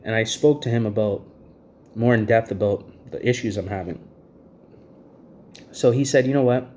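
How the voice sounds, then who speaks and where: A man's voice: lowish voice, normal speed, a little mellow. A man in his thirties ranting to camera in an agitated, repetitive way, short of breath, with frequent "you know what I mean" fillers. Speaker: vlogger.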